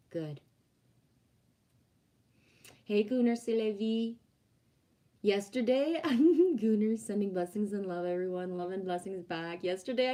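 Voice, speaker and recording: A woman's voice: on the low side, mellow. A woman from Quebec whose first language is French, hosting a casual livestream in a chatty, rambling way, reading out viewer comments and laughing often. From Quebec, Canada. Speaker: livestream host.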